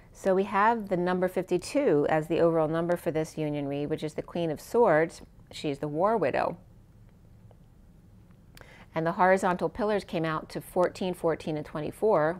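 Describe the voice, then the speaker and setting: A woman with a slightly low voice walks through a spiritual tarot reading. She speaks softly and meanders, letting her phrases trail away, and her voice is wearing thin. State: losing her voice. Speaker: tarot reader.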